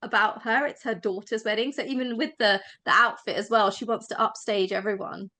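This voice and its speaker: A woman's voice: medium pitch, fairly even intonation, fairly quick, bright, forceful tone. A woman cast member in a podcast interview, talking in an upbeat, promotional way. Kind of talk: casual interview chat.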